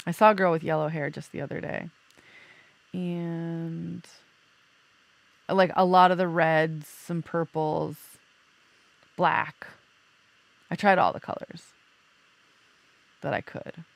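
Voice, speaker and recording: Gravelly-voiced woman hosting a podcast. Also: fairly low pitch, level tone, slow, pauses often. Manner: chatty, laughs easily, loose and rambling. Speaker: podcast host. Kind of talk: casual chat.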